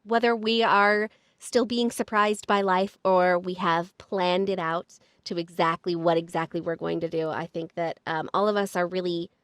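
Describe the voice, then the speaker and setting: Mulher animada apresentando podcast. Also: female voice, fairly low pitch, little pitch movement, moderate pace, hardly any pauses, no room sound, clean studio sound. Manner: upbeat, encouraging, many fillers. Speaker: podcast host. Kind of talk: casual chat.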